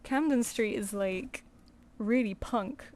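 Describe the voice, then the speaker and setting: A streaming artist, a woman with a fairly high, darkish voice, chats casually with viewers while drawing live. She takes it slowly, rambling and laughing easily.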